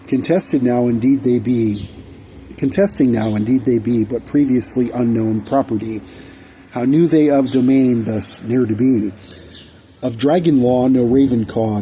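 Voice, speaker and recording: A man, a poet, reading his own rhyming poetry aloud in a measured recitation full of old-fashioned diction, now and then restarting a line. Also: medium pitch, mellow, slight background noise, poor audio.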